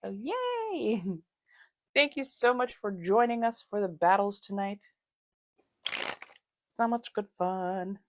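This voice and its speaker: A woman's voice: mid-range voice, takes it slowly, pauses often, noisy background. A woman hosting a casual livestream, chatting with viewers, laughing often and calling them darlings. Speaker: livestream host.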